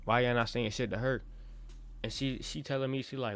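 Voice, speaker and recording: A man's voice: medium pitch, fairly even intonation, brisk, fairly bright tone, a little hiss or hum. Young man telling a slangy story. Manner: slangy, profane, keeps checking in with the listener; talks in loose run-on bursts with many restarts. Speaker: vlogger. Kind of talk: casual storytime monologue.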